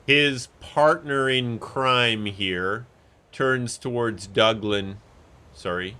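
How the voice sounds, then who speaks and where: A man's voice: medium pitch, extremely slow, sharp tone, clean tone. A man narrating a tabletop game as game master in a loose, chatty way.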